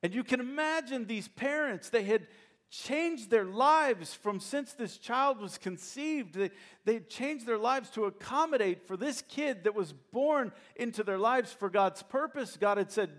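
A male pastor preaching a sermon, retelling a story with animated, humorous asides to the congregation. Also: sits high, normal speed. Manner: addresses congregation directly.

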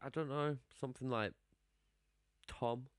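A man's voice: medium pitch, fairly even intonation, measured pace, no room sound. Teasing young man, dry sound. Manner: teasing, blunt quips. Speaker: podcast co-host. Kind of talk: casual chat.

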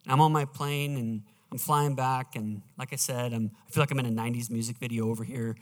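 A male pastor preaching a sermon, emphatic and slowing down as he reads scripture aloud in a church auditorium. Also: medium pitch, fairly even intonation. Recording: reverberant hall, live church sound.

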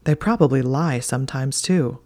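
A calm young wizard talks in a soothing, low murmur, in whispered role-play that a woman acts out. The tone is dark and mellow, with a storybook feel. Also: moderate pace.

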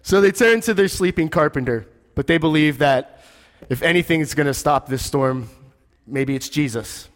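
A male pastor preaching a conversational sermon, telling the story with animation and dropping quiet for emphasis. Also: on the high side, normal speed, big-room sound.

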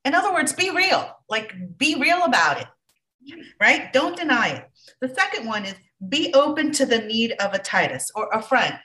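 A woman podcast host sums up her guest's points in a halting, casual way, searching for words. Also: on the high side, big pitch swings, bright, forceful tone. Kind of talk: casual chat, summarizing. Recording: distant from the mic.

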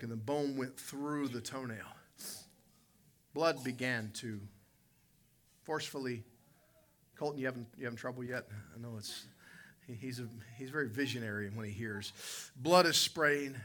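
Speaking at normal speed with long pauses, this man has a medium-pitched voice that sounds pushed and bright. He's a pastor delivering a sermon in a church conference hall, telling folksy, dramatic stories and addressing people in the congregation directly.

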